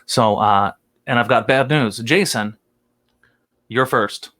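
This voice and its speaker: A man from Philadelphia co-hosts a casual online chat, his voice bright and forward. He talks in long, rambling stretches with plenty of laughs as he explains the rules of a game. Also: mid-range voice, takes it slowly. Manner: chatty and rambling, laughs often. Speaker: co-host.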